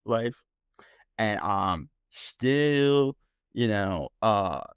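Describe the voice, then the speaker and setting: A man's voice: on the low side, expressive, extremely slow, clean tone, dry recording, studio quality. A man hosting a podcast, telling a story as a heated, profane rant and often checking in with "right?". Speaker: podcast host. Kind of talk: ranting storytelling.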